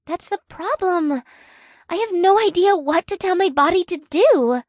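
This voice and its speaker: A woman voicing a bright, curious young scientist. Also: very high-pitched, animated, a little slow, dry recording, clean studio sound. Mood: eager. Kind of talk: audiobook character voice.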